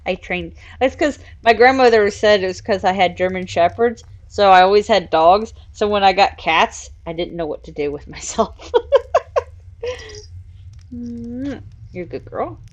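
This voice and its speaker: A woman's voice: medium pitch, measured pace. A woman hosting a casual live stream, chatting and laughing while she builds in a virtual world and coos at her cats. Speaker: streamer and show host.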